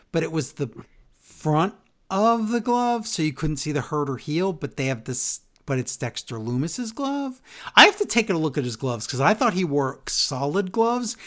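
A man co-hosting a podcast, ranting sarcastically in a casual wrestling recap. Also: on the high side. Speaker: podcast co-host.

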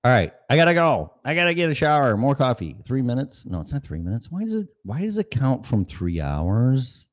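A podcast host chatting casually and profanely during a sound check, rambling and often clearing his throat. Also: medium pitch, big pitch swings, normal speed, few pauses.

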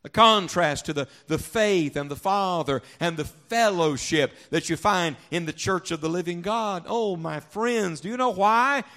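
A male pastor preaching a sermon to his congregation, leaning on rhetorical questions and call-and-response, and swinging between loud emphasis and quiet, low reflection. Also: unhurried, hardly any pauses. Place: church sanctuary before a congregation.

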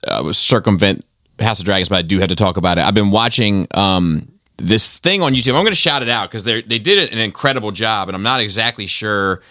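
Podcast co-host, rambling and casual, somewhat low voice, dry room. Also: male voice, expressive, fairly quick, bright, forceful tone, dry recording. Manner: rambling, many fillers and restarts.

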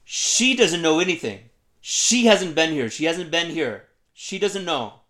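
Man doing a screaming angry teacher, loud, raised pitch, clipped repeated lines. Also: expressive, a little slow. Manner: shouting, clipped repetition. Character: angry man yelling at a student.

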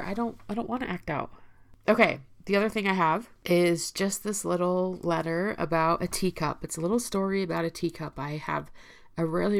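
A woman's voice: lowish voice, creaky. A woman giving an earnest, personal talk about recovery, encouraging listeners directly and getting emotional at times. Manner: emotional at times, laughs softly. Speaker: recovery speaker. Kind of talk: personal talk showing her emergency kit.

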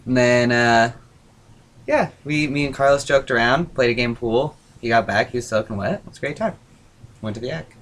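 A man's voice: mid-range voice, fairly quick, a bit bright. A man co-hosting a casual podcast, telling a rambling, profane story among friends with lots of laughter. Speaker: podcast co-host.

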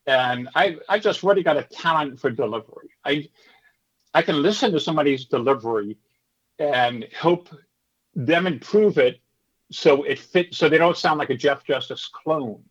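Chatty middle-aged comedy teacher, lo-fi. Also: male voice, a little high, moderate pace, breathy edge. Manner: chatty, rambling, self-assured. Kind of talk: casual interview storytelling.

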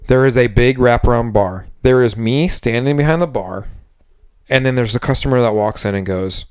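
Guy ranting about bartending, swears a ton, dry close mic, does silly high customer voices. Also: normal speed, smooth, no room sound. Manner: profane venting, mimics customers in high voices. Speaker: podcast co-host. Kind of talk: casual chat.

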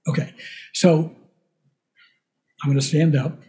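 An older man coaching voice in a relaxed podcast chat, his tone warm and mellow and pitched a touch high. He explains things patiently and acts out little examples as he goes. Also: slow. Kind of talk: casual podcast conversation.

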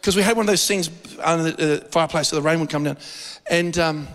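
A man giving a conversational sermon, telling lively, joking stories and acting out quotes. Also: a little high, fast talker. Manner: animated storytelling with jokes and acted-out quotes. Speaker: preacher. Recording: long hall reverb.

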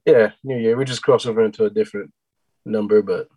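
A man's voice: fairly low pitch, steady tone, fast talker, a little mellow, husky, no echo, poor audio. A man co-hosting a podcast, talking casually and hesitantly, stopping to search for words. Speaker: podcast co-host.

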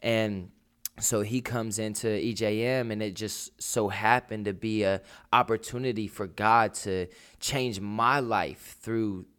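A man telling his faith testimony in casual chat, halting and full of fillers. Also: lowish voice, steady tone, a bit bright, clear, resonant tone. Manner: halting, with many "you know" fillers. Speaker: guest sharing testimony.

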